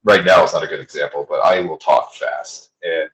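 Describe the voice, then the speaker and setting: A man with a neutral American accent hosts a laid-back chat, spinning blunt, profanity-laced stories. His voice sits very low, and the recording rings with a roomy echo. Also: fairly even intonation, normal speed, fairly bright tone. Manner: blunt, swearing storyteller. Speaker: podcast host. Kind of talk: casual chat.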